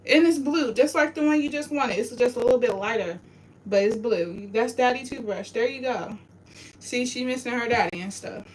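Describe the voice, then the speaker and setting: A woman's voice: fairly high pitch, moderate pace. A woman venting through tears in a raw confessional vlog, her voice breaking as she swears and talks through grief, recorded in a home bathroom. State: tearful. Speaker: vlogger. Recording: distant mic with noise.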